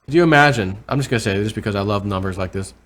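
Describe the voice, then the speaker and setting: A man vlogging casual commentary over price charts, rambling and correcting himself, with excited bursts over numbers. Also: lowish voice, racing. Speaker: crypto vlogger.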